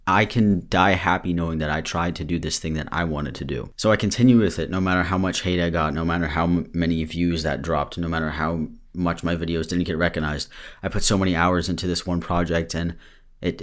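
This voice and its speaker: A young man with a very low voice gives an earnest, loose motivational talk. He sounds a little out of breath, restarts his sentences often and swears casually, like a podcast host speaking straight to his listeners. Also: fairly even intonation, brisk.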